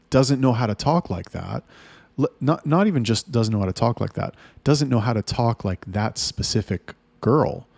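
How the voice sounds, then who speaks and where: Foul-mouthed guy ranting to his camera, gravelly low voice, dead dry room. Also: darkish tone, no room sound. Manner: blunt and profane, with frequent restarts. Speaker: webcam studio owner. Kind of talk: casual business vlog.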